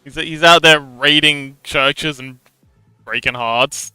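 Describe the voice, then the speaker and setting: A man hosting a livestream, reading out chat and answering in a loose, joking way. His voice is bright, clear and a little high for a man, and he talks close to a dry mic with faint music underneath. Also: fairly even intonation, slow pace, no room sound. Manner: chatty and playful, laughs often between remarks. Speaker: livestream host. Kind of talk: casual livestream chat, reading viewer messages aloud.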